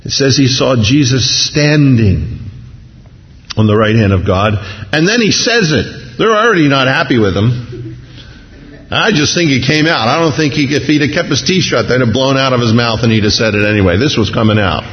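A man preaching a sermon, telling the story in a lively way and acting out what people in it say. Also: medium pitch, moderate pace. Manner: animated storytelling, acting out crowd voices. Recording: dull sound in a large reverberant hall.

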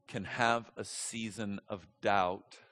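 Animated preaching man, bright voice. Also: lowish voice, slow. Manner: animated, swings from soft asides to loud emphatic preaching; conversational, with frequent restarts. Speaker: pastor. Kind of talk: sermon.

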